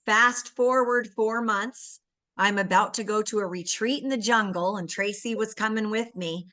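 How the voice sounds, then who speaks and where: Woman, bright tone, heartfelt testimonial storyteller over a video call. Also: mid-range voice, fairly even intonation, moderate pace. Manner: earnest, emotional storytelling. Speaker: guest giving a testimonial.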